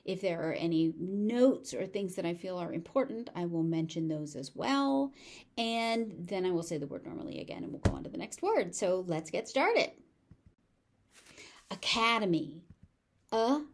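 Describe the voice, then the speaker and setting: A middle-aged woman with a General American accent, teaching pronunciation in a slow drill. She says each word, overpronounces its syllables, then says it again. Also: lowish voice, very animated, a little hiss or hum. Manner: repeats words carefully, overpronouncing syllables.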